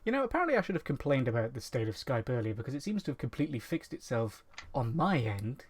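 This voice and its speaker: A man co-hosting a gaming podcast over an online call, his pitch rising and falling freely. He talks casually with dry, wry asides, in a relaxed back-and-forth with the others. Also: fast, slight background noise. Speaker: podcast co-host. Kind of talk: casual chat. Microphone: online call microphone.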